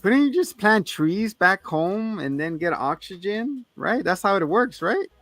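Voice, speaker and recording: A man's voice: high voice, big pitch swings, measured pace, a bit bright, no room sound, soft background music. A man co-hosting a casual movie review podcast, joking around, laughing often and swearing freely. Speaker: podcast co-host.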